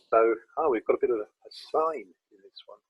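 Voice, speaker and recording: A man's voice: mid-range voice, normal speed, breathy edge, no room sound, highs cut off. A man hosting an interview over a video call, speaking in a hesitant, chatty way with plenty of fillers. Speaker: interview host. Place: home, remote conversation.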